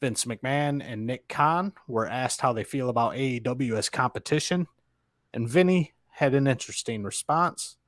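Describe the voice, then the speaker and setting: Male podcast co-host, mid-pitched, steady news delivery, dry sound. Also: normal speed, no room sound. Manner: steady, matter-of-fact news reader. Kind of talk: casual chat, reading news items.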